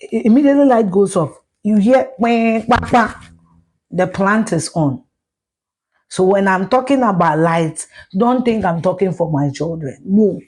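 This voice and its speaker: A middle-aged Ghanaian woman with a Ghanaian accent, ranting loudly and profanely in a live video, slipping into Twi. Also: medium pitch, lively intonation, moderate pace, husky. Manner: loud, profane, mixes in Twi. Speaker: social media personality.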